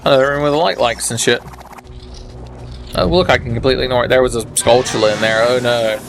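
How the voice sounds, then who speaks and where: A young man narrates his gameplay with dry sarcasm and plenty of cursing. His voice sits at an ordinary middle pitch. Game music runs clearly under him. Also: fairly even intonation, fast talker. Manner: sarcastic, swears freely. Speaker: let's play commentator. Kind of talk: profane gameplay commentary.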